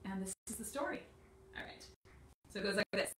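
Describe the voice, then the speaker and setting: A woman's voice: mid-range voice, fairly quick, echoey room, poor audio. A woman hosting a children's storytime, singing songs, reading poems and playing up sound effects. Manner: animated, sings and chants with sound effects.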